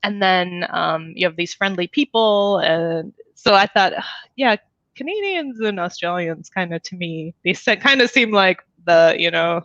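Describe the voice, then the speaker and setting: Animated American woman telling stories. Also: fairly low pitch, unhurried, no echo, dull audio. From United States. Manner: animated storyteller, laughs often. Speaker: guest, improv performer. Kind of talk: casual interview chat.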